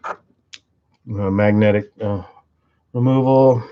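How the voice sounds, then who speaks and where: A man's voice: lowish voice, fairly even intonation, drawn-out words. A man giving a casual, rambling workshop demonstration of his tools, joking and cursing as he works. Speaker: tool and engine video maker. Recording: muffled audio with clear clicking.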